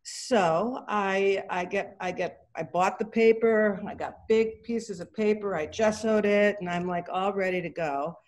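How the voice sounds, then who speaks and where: A woman's voice: medium pitch, measured pace, hardly any pauses, darkish tone. A middle-aged woman telling a story over a video call, chatty and loose. She slips into the voices of the people in her tale, with plenty of ums and restarts along the way. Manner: chatty, acts out quoted dialogue, many fillers and restarts. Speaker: artist giving a talk. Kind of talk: casual anecdotal storytelling.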